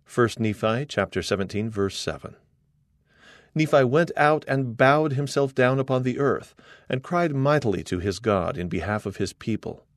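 A man's voice: mid-range voice, lively intonation, no echo. Earnest man reading in a dry booth. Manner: measured, earnest reading with quoted scripture. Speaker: narrator reading an article aloud. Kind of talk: scripted narration.

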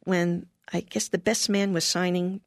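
An older woman being interviewed, telling a personal story in a lively way and often laughing. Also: fairly low pitch, measured pace, dry recording, clean studio sound.

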